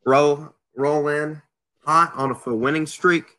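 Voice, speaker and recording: A man guest on a casual podcast, talking in an animated way with frequent restarts. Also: a little high, takes it slowly.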